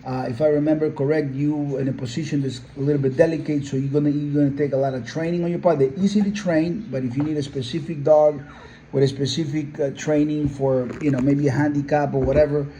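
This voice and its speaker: A man's voice: a little high, fairly even intonation, fast, mellow, slight background noise, low-quality recording. A man, a dog breeder, telling heartfelt stories in an earnest, conversational interview. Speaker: pit bull breeder.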